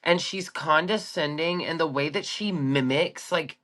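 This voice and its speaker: A woman's voice: low-pitched, a little slow, fairly bright tone. A woman co-hosting a podcast, chatting casually and emphatically about a reality show, stretching words for effect. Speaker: podcast co-host.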